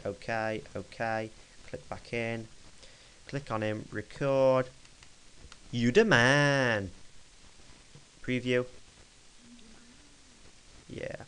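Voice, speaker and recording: Young guy at his home desk narrating a step-by-step tutorial; smooth voice, easygoing, self-correcting ramble. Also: medium pitch, rough recording. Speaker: tutorial maker. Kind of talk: casual screen-recorded software tutorial.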